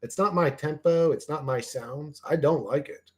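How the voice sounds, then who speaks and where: A man's voice: on the high side, moderate pace, a little mellow. Rambling man chatting casually on a livestream. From Greek heritage. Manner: rambling, swears casually, trails off with fillers. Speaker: livestream host.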